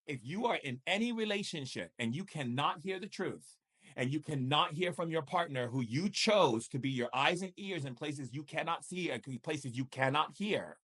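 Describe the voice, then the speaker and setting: A man's voice: a little high, a bit bright, breathy edge. A man leading a live spiritual coaching session as a shamanic teacher, emphatic and repetitive, with pointed rhetorical questions.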